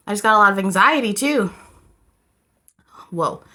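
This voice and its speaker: Bright-voiced chatty woman reading tarot. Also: mid-range voice, lively intonation, normal speed, pauses often. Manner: chatty, rambling, addresses viewers as "you guys". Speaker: tarot reader. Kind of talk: casual tarot reading to camera.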